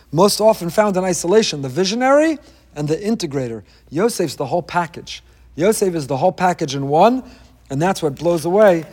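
A man's voice: high-pitched, a little mellow, in a large hall. A man teaching a weekly Torah class, with wry asides and jokes.

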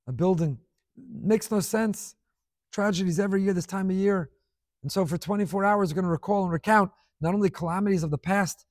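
Impassioned rabbi preaching. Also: male voice, fairly high pitch, a little mellow, no echo, clean studio sound. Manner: impassioned, dramatic swings in volume. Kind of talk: sermon.

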